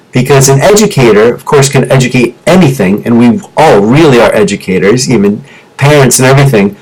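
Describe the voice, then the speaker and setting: A mid-pitched man in his forties speaks to fellow teachers through a teleconference mic. He tells an emotional personal story, his voice falling low and hushed at the painful moments and rising with energy when he makes his case. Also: slightly rough, rough recording. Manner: storytelling, drops low and quiet in emotional parts, rises for emphasis. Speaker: teacher turned business coach. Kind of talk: motivational talk to teachers. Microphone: teleconference microphone.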